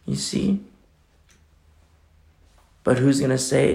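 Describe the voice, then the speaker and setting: A man preaching a sermon, animated, acting out little dialogues as he teaches. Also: on the high side, takes it slowly, creaky, pauses often. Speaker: pastor.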